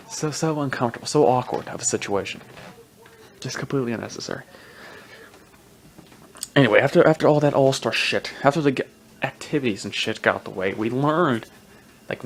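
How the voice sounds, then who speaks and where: A man's voice: medium pitch, a little hiss or hum. Rambling, profane male podcast host. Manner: rambling, profane, self-mocking, laughs often. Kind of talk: casual solo sports commentary.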